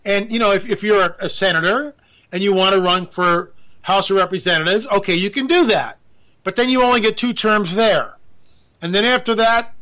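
A man's voice: high voice, fairly bright tone. A man delivering a rambling, sarcastic political commentary monologue, full of asides and mock disbelief. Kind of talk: opinionated monologue.

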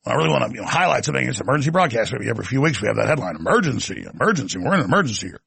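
A man's voice: mid-range voice, very animated, very fast, gravelly, fairly bright tone, husky, no room sound, pitched below the performer's own voice, exaggerated voice. A man doing a mock-dramatic impression of a blustering male talk-radio pundit with an urgent, alarmist delivery. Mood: mock-alarmed.

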